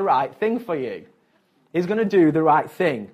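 A fairly high-voiced man gives a relaxed sermon in a chatty tone. He pokes fun at himself and keeps turning aside to talk straight to his listeners. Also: measured pace, slightly rough. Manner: chatty and self-mocking, with frequent asides. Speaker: preacher. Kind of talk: casual conversational sermon.

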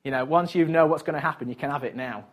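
A man's voice: on the high side, quick pace. A man preaching a casual, conversational sermon, chatty and self-mocking, with frequent asides to his listeners.

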